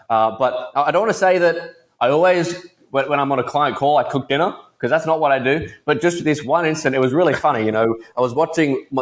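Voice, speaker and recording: A teenage man with an Australian accent, chatting upbeat and laughing easily as a podcast guest. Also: mid-range voice. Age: teens. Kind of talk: casual interview chat.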